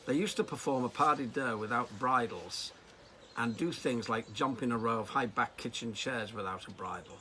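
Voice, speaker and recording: A man from Liverpool, a riding coach, telling personal anecdotes in a lively, storytelling way. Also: mid-range voice, normal speed, a little hiss or hum. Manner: anecdotal, lively delivery with acted quotes.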